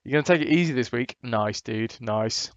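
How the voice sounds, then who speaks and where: A man's voice: medium pitch, fairly quick, no echo, lo-fi sound. A man chatting casually and rambling on his live stream from a hotel room. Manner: chatty, rambling, laid-back.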